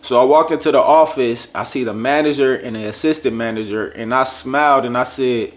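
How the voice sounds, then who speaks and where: A man vlogging a personal testimony, telling a lively, jokey story straight to his viewers and acting out other people's lines. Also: mid-range voice, a little fast, hardly any pauses. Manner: addresses viewers directly and casually. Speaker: vlogger sharing a faith testimony.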